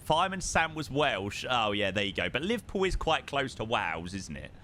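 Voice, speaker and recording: A chatty man with a southern English accent, casually talking through a live stream and reacting to chat. His voice swings up and down a lot and has a bright, forward edge. He swears freely and keeps things loose. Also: mid-range voice, sing-song, brisk, a little hiss or hum. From southern England. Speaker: flight sim streamer.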